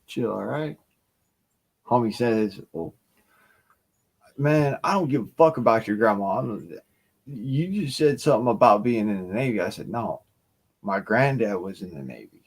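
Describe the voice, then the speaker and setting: A man telling a profane, animated bar story on his stream. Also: on the low side, unhurried, pauses often, husky. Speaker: stream host. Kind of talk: casual storytelling.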